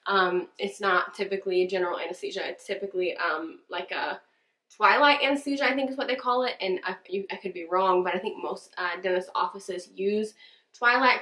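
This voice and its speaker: A woman's voice: lowish voice, fairly bright tone. A young woman telling a story in a casual vlog, chatty and rambling, with many fillers and restarts. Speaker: vlogger and church worship leader. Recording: roomy echo.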